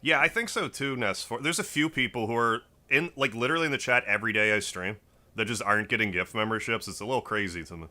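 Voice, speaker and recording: A man's voice: mid-range voice, quick pace, bright, forceful tone. A man chatting casually on a game livestream, greeting viewers by name between play. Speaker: game streamer. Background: faint game music.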